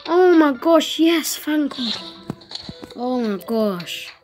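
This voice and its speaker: A woman giving casual gameplay commentary at home, excitable and panicky, repeating words in quick bursts. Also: high voice, music in the background.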